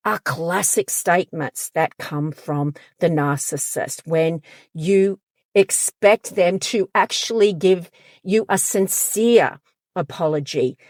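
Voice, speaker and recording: A counsellor who runs her own channel addresses her viewers in an emphatic advice monologue, occasionally acting out quoted lines. Her voice sits low with a darkish tone, captured in studio quality with no echo.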